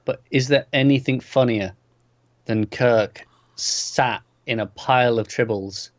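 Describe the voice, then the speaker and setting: A man on a review podcast who adds brief agreements and quick jokes. His pitch is ordinary. The recording sounds a bit muffled and dry, with no room sound. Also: no room sound. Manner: short agreeing interjections and quick quips. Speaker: podcast co-host. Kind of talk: casual review chat. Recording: slightly dull, dry audio.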